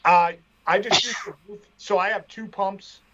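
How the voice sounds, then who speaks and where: A man's voice: sits high, steady tone, normal speed, pushed and bright. A man co-hosting a podcast, talking shop in a laid-back way, hesitant and full of fillers. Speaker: podcast co-host. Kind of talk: casual chat. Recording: dull lo-fi podcast audio.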